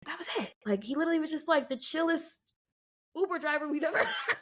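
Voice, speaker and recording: Podcast co-host, young woman, lively storyteller, voices the dialogue herself, pitch a bit high. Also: fast talker. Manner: animated, acts out quoted dialogue, many "like" fillers. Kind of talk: casual storytelling.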